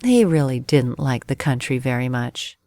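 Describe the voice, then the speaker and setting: A woman narrating a bedtime storybook, slow and clear. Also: very deep voice, big pitch swings, dark tone, no echo.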